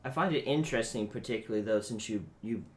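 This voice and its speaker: A man's voice: on the low side, quick pace. Thoughtful man in casual chat. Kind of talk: casual discussion.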